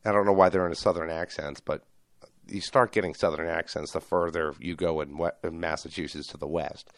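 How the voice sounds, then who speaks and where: A New man hosting a loose, profane podcast. He talks excitably and jumps between tangents. The sound is dry and close. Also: low voice, fairly quick, dry recording. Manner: animated, excitable, swears a lot. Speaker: podcast host. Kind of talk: casual profane podcast banter.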